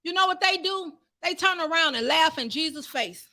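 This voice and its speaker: High, bright-voiced woman preaching fervently. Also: lively intonation, moderate pace, no echo. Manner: fervent, rising to shouts, calls out to the congregation. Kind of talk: sermon.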